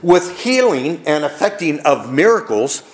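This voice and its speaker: A pastor preaching a sermon with an emphatic cadence that rises and falls. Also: male voice, on the high side, very animated, a little slow, reverberant.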